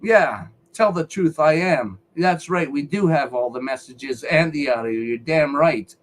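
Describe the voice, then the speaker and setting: A man with a somewhat high voice rants on a live stream. He talks heatedly and swears often. He keeps circling back over his own words. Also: a little slow, slight background noise, poor audio. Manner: heated, profane, repeats himself. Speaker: featured speaker on a live call-in show. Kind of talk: angry rant on a live stream.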